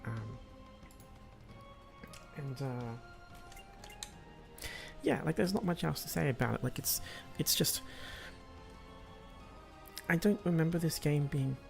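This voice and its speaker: A man's voice: fairly high pitch, lively intonation, takes it slowly, gravelly, long pauses, a little mellow, faint music behind. A man streaming a video game, rambling with lots of hesitations and fillers. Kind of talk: casual gameplay livestream commentary.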